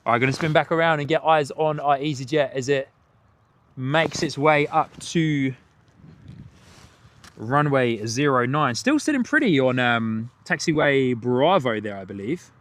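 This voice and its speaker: With a mid-range, slightly bright voice, lively intonation and a measured pace, a man runs a live plane-spotting stream beside a runway. He chats away, reading viewer comments and welcoming his viewers by name.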